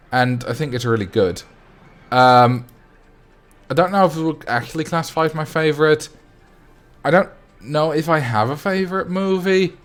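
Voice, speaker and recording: A young adult man streaming a game, chatting casually and rambling as he answers his viewers. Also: on the high side. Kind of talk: casual livestream chat while playing.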